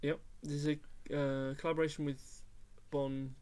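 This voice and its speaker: A man with a slightly high voice chats casually as a podcast co-host. He laughs easily and often breaks off mid-sentence to restart. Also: level tone, measured pace, mellow, slight background noise. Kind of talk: casual chat.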